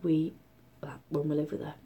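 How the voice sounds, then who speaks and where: A middle-aged woman from Britain telling a story in a casual vlog, chatty and animated, often dropping to a whisper. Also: low voice, normal speed, slightly rough. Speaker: vlogger.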